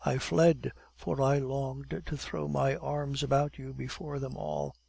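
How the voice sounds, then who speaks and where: A man reading the part of a devoted, adoring young woman in an audiobook, in a gentle, earnest manner. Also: medium pitch, flat delivery, takes it slowly, creaky, slightly rough, no room sound, full character voice.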